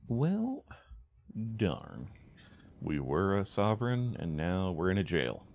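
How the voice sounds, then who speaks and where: A man casually commenting on a video game as he plays, relaxed and joking with filler words. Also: sits low, moderate pace. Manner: relaxed, joking, lots of ums and uhs. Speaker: let's play host.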